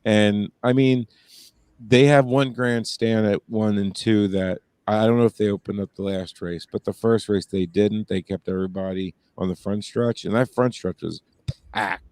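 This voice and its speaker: A man's voice: on the low side, steady tone, moderate pace, a little mellow, no room sound. A man co-hosting a podcast in casual chat, telling stories in a rambling way with many fillers and restarts. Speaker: podcast co-host.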